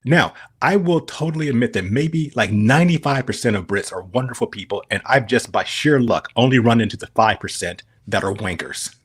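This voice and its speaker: A man's voice: mid-range voice, animated, brisk, few pauses, slightly rough. A man speaking as a podcast guest in casual chat, rambling with frequent restarts.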